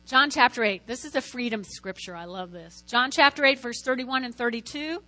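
A woman with a high, bright voice delivers a sermon, lively and calling out to her listeners for answers. A faint mains hum sits under the recording. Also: moderate pace. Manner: lively, lots of call-and-response. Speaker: Christian teacher preaching.

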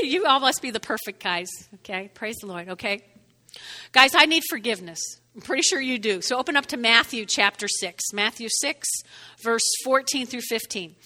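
Woman pastor, high lively voice, chatty sermon delivery, hall echo. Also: unhurried. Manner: conversational, keeps asking "okay?".

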